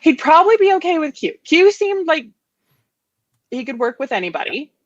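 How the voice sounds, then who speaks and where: A woman co-hosting a podcast in quick, playful casual chat. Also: sits high, very animated, no room sound, muffled recording. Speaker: podcast co-host.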